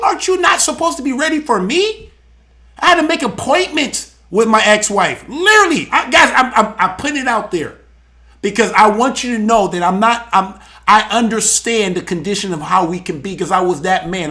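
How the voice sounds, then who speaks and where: High, bright-voiced preaching man. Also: moderate pace. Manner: emphatic, animated, repeats words. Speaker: show host and church elder. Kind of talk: preaching commentary on scripture.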